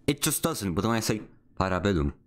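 A man's voice: fairly low pitch, animated, measured pace. A young man, streaming a game and barking short voice commands, sarcastic and easily annoyed. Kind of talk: casual gameplay streaming with voice commands.

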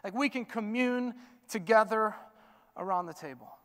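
A male pastor telling a story in a sermon, animated and chatty with lots of fillers, in a church sanctuary. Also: high-pitched, moderate pace, long reverb tail.

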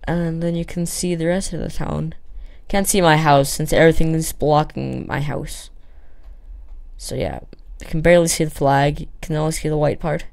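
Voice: mid-range voice, steady tone, normal speed, gravelly, a little mellow, no echo. A gamer giving casual, rambling commentary while building in a block game, with lots of fillers and self-talk. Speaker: Minecraft let's player.

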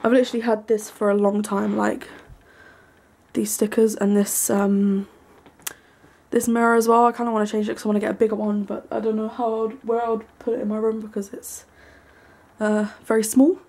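Husky young woman, chatty vlog. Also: medium pitch, level tone, fairly quick. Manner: chatty and rambling, many ums and likes; hushed at times so as not to wake her brother. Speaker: vlogger. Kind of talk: casual room tour vlog. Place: small bedroom, indoors.

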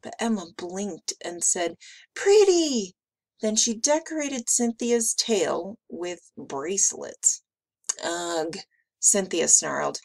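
A woman teacher reading a picture book aloud with slow, expressive delivery. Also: mid-range voice, vocal fry, slightly rough.

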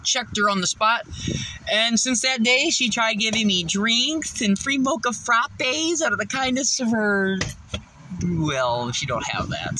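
A man's voice: sits high, expressive, normal speed, bright, forceful tone, a little hiss or hum, rough recording. A man telling a rambling, profane story in a casual vlog, out of breath and laughing often. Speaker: vlogger.

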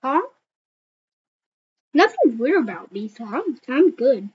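A goofy, soft-spoken chubby bunny animatronic, voiced by a woman in a game role-play. The voice is high and stretched slow. The audio is a touch dull and lo-fi. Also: big pitch swings, a little hiss or hum, full character voice. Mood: awkward.

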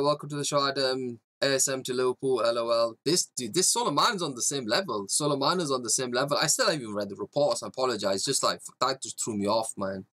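A man's voice: medium pitch, fairly bright tone. A man hosting a fan livestream, ranting bluntly and profanely while reading viewer comments. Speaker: fan channel host.

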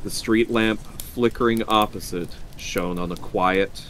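Storyteller, lowish male voice, measured horror reading, stream host. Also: steady tone, a bit bright, a little hiss or hum.

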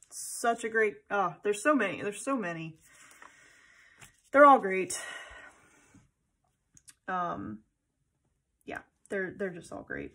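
A woman's voice: medium pitch, a bit bright. A woman vlogger in casual chat, gushing and rambling with many fillers and tangents. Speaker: planner vlogger.

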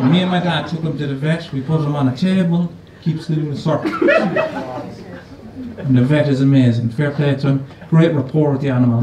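A stand-up comedian with a fairly high voice tells a comic story on a comedy venue stage, casual, conversational, and full of swearing, as the live audience laughs. The echoey live recording puts his voice far off, with audience noise audible.

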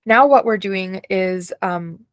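A woman leading an unscripted guided imagery session, speaking slowly and soothingly, with soft laughs and sighs. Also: mid-range voice, clean tone, no echo, low-quality recording. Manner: slow, soothing guidance with soft laughs and yawns.

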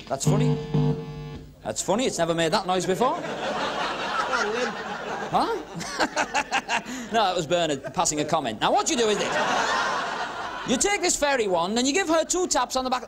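A man doing comic magic patter on a club stage, teasing audience volunteers with quick cheeky asides. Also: very high-pitched, sing-song, loud music behind the voice. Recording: 1970s TV broadcast with crowd laughter and hiss. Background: audience laughing and murmuring.

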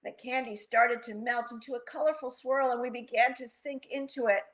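A woman author reading a picture book aloud to children at storytime, animated and stopping often to ask them questions. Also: a little high, normal speed.

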